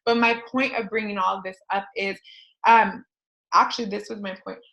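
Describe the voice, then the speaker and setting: A woman in her thirties, a podcast host, talking casually to her listeners in a rambling, animated way, full of fillers and tangents. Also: mid-range voice, moderate pace, vocal fry, highs cut off. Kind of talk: casual personal talk to listeners.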